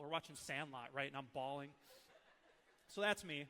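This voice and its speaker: A man in his thirties, a preacher from Minnesota, teaching with animated, emotional personal stories. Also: on the high side, fast, big-room sound.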